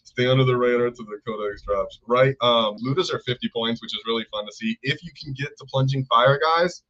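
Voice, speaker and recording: A man's voice: mid-range voice, brisk, fairly bright tone. A man co-hosting a casual live stream, talking enthusiastically, rambling and thanking viewers by name. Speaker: co-host. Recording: dull lo-fi stream audio.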